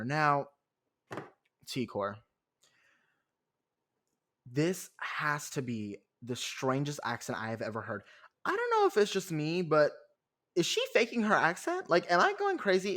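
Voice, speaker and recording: A man's voice: on the high side, wildly swooping pitch, moderate pace, long pauses, a bit bright. Chatty sarcastic young man podcasting. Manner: chatty, sarcastic, filler-heavy. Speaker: podcast host. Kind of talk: casual solo recap.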